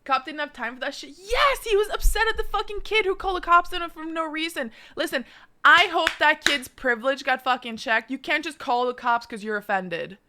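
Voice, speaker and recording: A young woman from Norway telling a story on a live stream, swearing often in a quick, animated way. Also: high voice, slight background noise.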